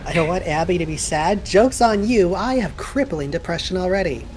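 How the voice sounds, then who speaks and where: A woman's voice: fairly low pitch, animated, normal speed, a little mellow, slight background noise. A woman chatting with a teasing, joking manner and frequent laughs during a game stream. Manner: teasing, jokey, laughs often. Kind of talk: casual gaming banter. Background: game music.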